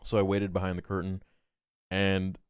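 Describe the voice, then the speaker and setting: A man's voice: low-pitched, smooth, dry recording, studio quality. A man, a podcast guest, telling a story in casual talk and acting out quoted exchanges with animation. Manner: animated, quotes himself and others in quick exchanges.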